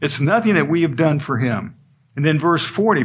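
A man's voice: fairly high pitch, expressive, normal speed, husky. A man preaching an expository sermon, earnest and emphatic, driving points home through repetition. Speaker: pastor.

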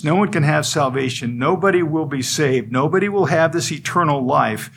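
A man's voice: a little high, normal speed, vocal fry, a little hiss or hum. A man preaching an expository sermon, earnest and emphatic, driving points home through repetition. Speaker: pastor.

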